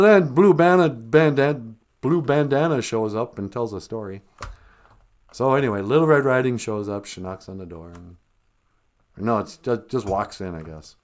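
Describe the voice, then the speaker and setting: A man's voice: mid-range voice, darkish tone. A man hosting a live stream, retelling a children's story in a wry, sarcastic comedic way.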